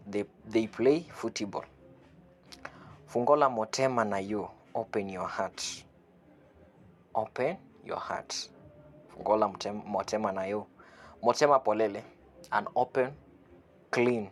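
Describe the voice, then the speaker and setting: A man with a fairly low voice teaches phrases one at a time in an online lesson. He says each phrase slowly, repeats it and gives its meaning. He chuckles now and then as he explains. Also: a little hiss or hum. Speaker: language teacher.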